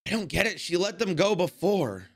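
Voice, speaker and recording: A man reacting to an anime episode in casual commentary, excitable and swearing, exclaiming at the screen. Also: high voice, normal speed, creaky, slightly rough.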